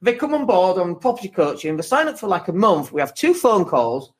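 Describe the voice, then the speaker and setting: A man's voice: sits high, big pitch swings, a little fast. A man hosting a podcast as a property coach, giving a blunt motivational monologue full of rhetorical questions and swearing.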